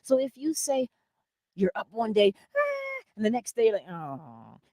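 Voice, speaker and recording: A woman hosting a morning inspiration stream, giving an animated motivational talk that moves between loud cheering and soft whispers, laughing often. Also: fairly high pitch, moderate pace, no echo, studio quality.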